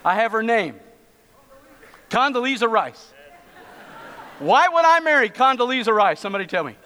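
A man's voice: extremely high pitch, sing-song, fairly quick, long pauses, pushed and bright, smooth. A middle-aged male pastor preaching a sermon in a church, telling stories with humorous asides. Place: church sanctuary. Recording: long church reverb.

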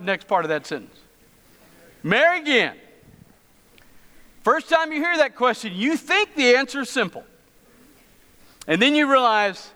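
A middle-aged man delivers a sermon as a pastor, weaving humorous stories into his preaching. His voice sits a little high and rings bright and forceful. The sound carries the long reverb of a church sanctuary. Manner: storytelling with humorous asides.

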